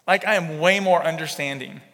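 A man's voice: a little high, moderate pace, a bit bright. A man preaching a conversational sermon, talking to the congregation as "guys". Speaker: pastor. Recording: long hall reverb.

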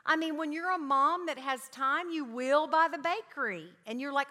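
Animated storytelling woman in a reverberant hall. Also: high-pitched, moderate pace. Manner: animated storytelling, acts out her kids' voices. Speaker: Christian parenting speaker. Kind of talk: talk to parents with anecdotes.

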